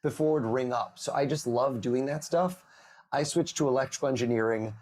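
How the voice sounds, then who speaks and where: A mentalist guesting on a podcast over a remote call tells stories conversationally, acting out the voices of people he quotes. He's animated, speaking at medium pitch and a little fast.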